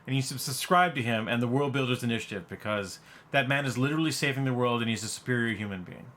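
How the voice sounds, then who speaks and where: A man hosting a casual game stream, excitable and gushing, who swears freely. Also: mid-range voice, quick pace. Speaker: host and board game player. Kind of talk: casual chat while playing an online game.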